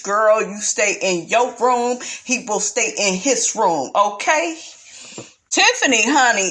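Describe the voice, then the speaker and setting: A woman's voice: mid-range voice, a bit bright. A woman giving a chatty, sassy recap of a reality show episode, calling her audience honey and girl. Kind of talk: casual show recap commentary.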